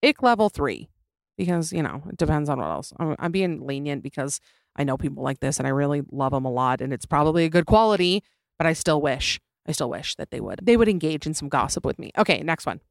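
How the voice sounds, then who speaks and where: A woman's voice: sits low, very animated, creaky, no echo, studio quality. Opinionated young woman podcast host. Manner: opinionated, sarcastic, quick to laugh. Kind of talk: casual comedic podcast monologue.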